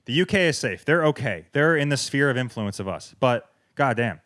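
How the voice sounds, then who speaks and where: A man's voice: medium pitch, expressive, normal speed, a bit bright, no echo, studio quality. A man, hosting a podcast and ranting sarcastically with heavy swearing. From American South. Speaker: podcast host. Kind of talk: comedic rant. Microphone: wireless clip-on mic.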